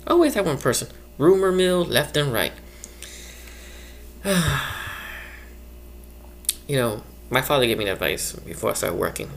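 A man hosting a one-man comic monologue about the workplace, chatting casually and acting out coworkers in quick quoted bits. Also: on the high side, creaky, a little hiss or hum. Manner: chatty, acts out quoted coworkers, laughs at own stories. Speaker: one-man show host. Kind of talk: rambling comic monologue about work life.

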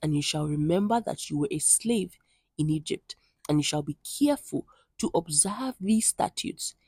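Woman devotional reader, low husky voice, close dry mic, earnest scripture reading. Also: dry recording. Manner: earnest, conversational asides between readings.

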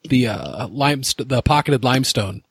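A man's voice: medium pitch, moderate pace, slightly rough, dry recording, studio quality. A man hosting a casual chat, answering with short easygoing replies.

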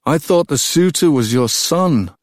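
A man's voice: on the high side, animated, unhurried, no echo, pitched above the performer's own voice. A man voicing a self-assured grown man who teases dryly from the sidelines. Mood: wry. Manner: dry, teasing.

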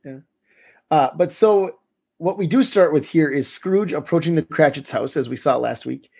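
A man hosting a podcast in a relaxed, chatty way. His voice sits a little high and has a husky edge. He steers the talk and keeps handing questions to his co-host and guest. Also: moderate pace. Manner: leads the talk and poses questions. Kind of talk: casual podcast chat.

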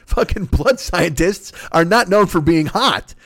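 Man, solo podcast host, profane rambling comedic rant, lively swooping delivery, dry close mic. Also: high-pitched, measured pace, no room sound. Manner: profane and rambling, laughs at his own jokes.

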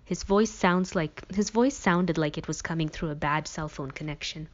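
A woman reading a novel aloud as an audiobook reader, in a plain, even storytelling manner. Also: low-pitched, moderate pace, few pauses. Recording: dull lo-fi recording.

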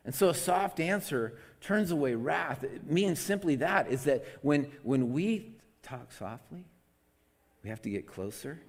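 Guy preaching into a mic, chatty, trips over his words a lot, gets loud then quiet, big echoey hall. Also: a little high, lively intonation, unhurried. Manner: conversational, self-deprecating, many restarts, swings between loud and soft. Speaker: pastor. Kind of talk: sermon. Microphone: amplified microphone.

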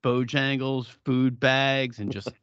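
A man's voice: mid-range voice, level tone, takes it slowly, fairly bright tone, clean tone, no room sound, muffled recording. A middle-aged man co-hosting a podcast in casual chat, blunt and profane, often laughing. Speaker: podcast co-host.

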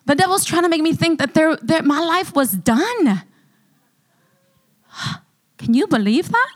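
Woman pastor, high voice, animated church testimony full of laughter. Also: a little slow. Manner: animated storytelling, breaks into laughter often. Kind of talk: sermon testimony. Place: church service.

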